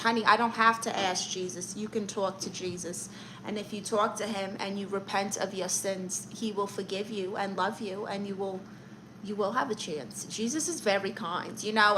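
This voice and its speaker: This Brooklyn, New York host slips into a comedic aunt persona, teasing her live-stream chat with sass and sprinkling in "honey" and "darling." She speaks in a mid-range voice with a sharp edge. The recording is rough, carrying a little hiss or hum.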